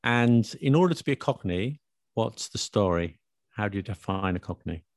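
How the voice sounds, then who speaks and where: A low-pitched man, talking in a relaxed, explanatory way. His voice has a gravelly edge. The recording is dry and close. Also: normal speed, no echo. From England, north London area. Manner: explanatory, chatty, laughs often. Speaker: language video maker discussing accents. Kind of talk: casual conversational chat.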